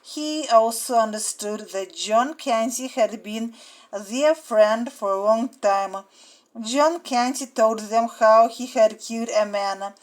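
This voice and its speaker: A woman reading a graded storybook aloud in a careful, deliberate way, with translated lines in between. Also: a little high, low-quality recording. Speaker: reader.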